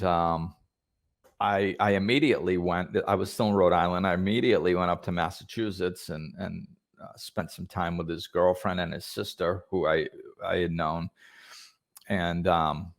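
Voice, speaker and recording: Deep-voiced reflective male podcast host. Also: fairly even intonation, moderate pace. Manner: thoughtful, hesitant, many fillers and restarts. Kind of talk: reflective conversational talk.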